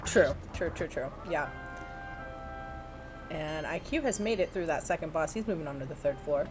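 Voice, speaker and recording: A woman doing casual live race commentary, chatty and quick to laugh. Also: low-pitched, animated, over music.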